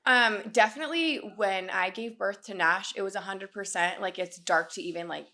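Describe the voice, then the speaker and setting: A woman's voice: mid-range voice, normal speed, bright, forceful tone. A young adult woman speaking candidly and with feeling as a guest in a casual podcast conversation, full of fillers. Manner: candid, emotional, many fillers.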